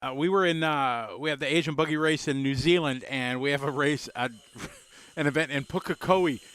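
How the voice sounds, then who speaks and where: A man's voice: mid-range voice, fairly even intonation, normal speed, a bit bright, clear, resonant tone, no room sound. A man commentating a radio-controlled car race in a loose, chatty way, greeting viewers by name. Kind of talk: casual live race commentary.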